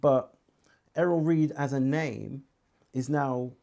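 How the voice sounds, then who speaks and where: This guest, an English singer with a Birmingham accent, talks slowly at medium pitch with some vocal fry. In a casual interview he tells stories animatedly, voicing characters' lines and singing short snippets.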